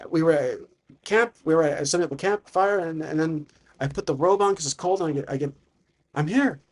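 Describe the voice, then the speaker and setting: A man's voice: a little high, fairly quick, lightly acted. A man voicing a frightened young man who stammers through his story in tears. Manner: stammering, tearful.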